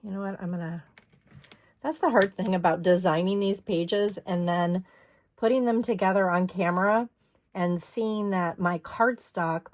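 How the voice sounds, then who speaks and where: A middle-aged woman talks viewers through a scrapbooking project at a slow, easy pace, her voice a touch low and slightly hoarse. She chats as she works, stopping now and then to clear her throat. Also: no echo. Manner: chatty, talks while working, frequent throat clearing. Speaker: scrapbooking host. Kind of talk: hands-on craft tutorial.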